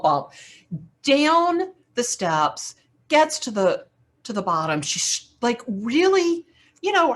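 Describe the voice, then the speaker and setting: A woman speaker telling an animated story to business owners, with dramatic swings in her delivery. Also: medium pitch. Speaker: keynote speaker.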